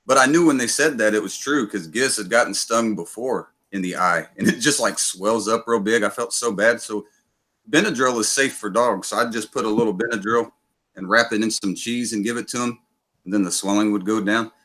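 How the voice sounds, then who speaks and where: A man's voice: on the low side, a little fast, fairly bright tone. A man hosting a livestream, telling rambling, profane stories in casual chat. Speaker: livestream host.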